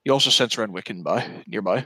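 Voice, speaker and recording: A man narrating as game master, calm and measured with some fillers. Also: fairly low pitch, husky, no echo, poor audio. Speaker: dungeon master. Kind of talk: narrating a tabletop game over voice chat.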